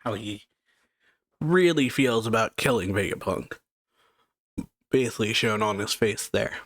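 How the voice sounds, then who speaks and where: A man's voice: fairly low pitch, measured pace, fairly bright tone, dry recording, studio quality. A man hosting a comic reaction video, casually recapping a chapter and reading panels aloud, with loose phrasing full of "yeah" and "like". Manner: loose, filler-heavy narration with frequent "yeah" and "like". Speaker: manga reaction host.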